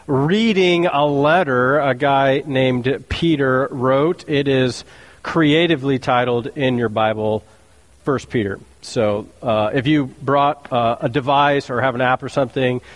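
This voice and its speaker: A man's voice: medium pitch, fairly even intonation, measured pace. A man preaching a sermon as a pastor, telling the stories in a casual, joking way with slang.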